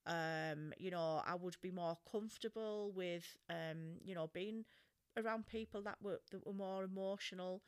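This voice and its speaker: A woman's voice: mid-range voice, a bit bright. A middle-aged woman with an English accent talks through self-help advice in a loose, conversational way. She is frank and chatty, drops in the odd swear word, and leans on plenty of ums and you-knows. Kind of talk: casual advice talk.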